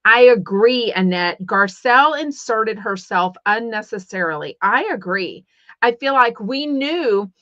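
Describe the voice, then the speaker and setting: A woman's voice: a little high, expressive, measured pace, pushed and bright, no room sound. A middle-aged woman from Texas with a Texan accent, hosting a rambling, casual livestream podcast with lots of fillers. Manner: chatty and rambling, many fillers and restarts. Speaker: podcast host. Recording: dull lo-fi dry sound.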